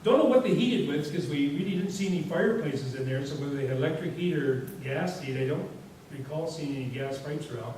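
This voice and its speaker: Animated and a little fast, a man with a fairly high, darkish voice barely pauses as he presents to a society as a guest speaker. His anecdotes ramble along casually, packed with "you know" fillers, and the recording comes from far off in an echoey hall with faint hiss.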